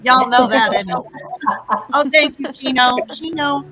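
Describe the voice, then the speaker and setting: A woman's voice: high-pitched, fairly even intonation, normal speed, over music, low-quality recording. A woman chatting casually with friends in a group talk, blunt and joking, laughing often.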